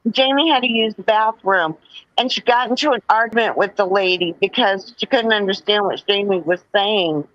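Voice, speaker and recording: A woman's voice: medium pitch, moderate pace, a bit bright, no room sound, highs cut off. A woman telling a short anecdote in a matter-of-fact way. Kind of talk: casual storytelling.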